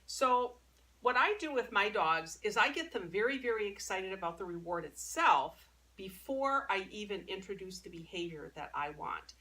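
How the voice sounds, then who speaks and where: Bright-voiced woman dog trainer, mic far off. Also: mid-range voice, lively intonation, moderate pace. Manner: chatty, explaining as she works with her dog. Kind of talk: casual training demonstration. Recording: distant mic, faint background noise.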